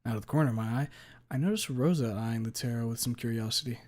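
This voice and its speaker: A man reading a visual novel aloud in the first person, with a steady, even delivery. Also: mid-range voice, quick pace. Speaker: narrator.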